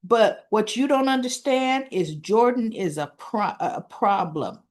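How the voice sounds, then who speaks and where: A woman recaps soap opera episodes in an easygoing chat with an unhurried, drawn-out delivery. Her voice sits a little high, and she slips into the characters' lines as she retells each scene. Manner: animated retelling, acting out quoted lines.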